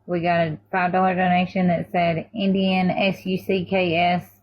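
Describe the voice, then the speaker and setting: A woman's voice: on the low side, level tone, moderate pace, highs cut off. A woman on a phone live stream, thanking donors and rallying viewers toward a fundraising goal. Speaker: live streamer raising donations. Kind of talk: casual live-stream chat.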